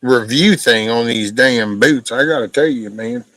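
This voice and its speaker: A man's voice: mid-range voice, unhurried, fairly bright tone, no echo, poor audio. A man in his sixties hosting a casual live stream, chatting bluntly and folksily with plenty of profanity while answering viewer comments.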